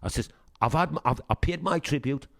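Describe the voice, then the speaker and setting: A middle-aged punk singer with a Sunderland accent from England's Northeast speaks fairly quickly in a creaky, higher-leaning voice. Appearing as a guest in an informal interview, he tells spirited anecdotes, voices quoted dialogue, and swears liberally. The studio-quality recording has no echo.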